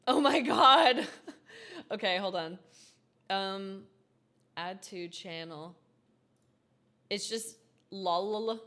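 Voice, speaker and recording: A woman's voice: medium pitch, extremely slow, pauses often, fairly bright tone. A young woman streaming a game, chatting casually with her viewers and giggling often. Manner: giggly, chatty, talks to chat. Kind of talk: casual live-stream chat while playing. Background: game music.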